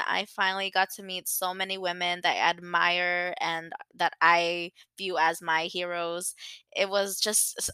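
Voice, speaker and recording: A young woman talks through her solo podcast in a chatty, animated way, rambling and circling back as she goes. Her voice is bright and crisp, a little low for a woman, and it sits close and dry with no room sound. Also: no echo. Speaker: podcast host. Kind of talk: casual solo podcast chat.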